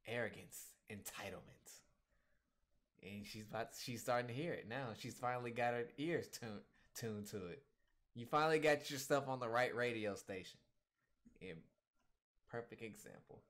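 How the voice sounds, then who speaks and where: A man's voice: medium pitch, moderate pace. Slangy man reacting to a webcomic. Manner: animated, slangy, laughs often. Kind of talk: casual reaction commentary.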